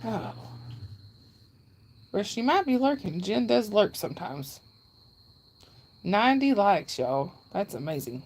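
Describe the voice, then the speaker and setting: A woman's voice: medium pitch, sing-song, slow pace, pauses often, breathy edge. Lady on a night livestream, laughing a lot, thanking folks in chat one by one, medium voice. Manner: chatty, laughs often, thanks viewers by name. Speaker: live-stream host. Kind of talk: casual chat reading viewer comments.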